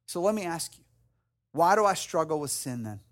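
Guy preaching in church, pretty high voice, earnest, acts out quotes and prayers, restarts his words a lot. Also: big pitch swings, normal speed. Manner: repeats and restarts phrases while preaching. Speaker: pastor. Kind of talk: sermon.

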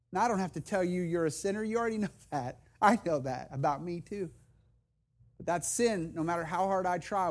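A middle-aged man preaching a sermon as pastor, earnest and personal, building to loud emphatic repetition. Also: fairly high pitch. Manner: earnest, personal storytelling with restarts.

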